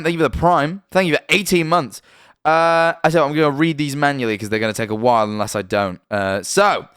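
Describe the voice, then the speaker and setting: A man's voice: a little high, a bit bright, clean tone, no echo, clean studio sound. A young man with a British accent, chatting casually on a live stream and often correcting himself as he rambles. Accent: British English.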